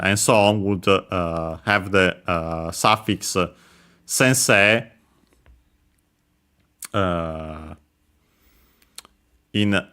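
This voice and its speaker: A man giving a casual language lesson, explaining slowly with many hesitant pauses and fillers. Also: deep voice, sharp tone, smooth. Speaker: language teacher.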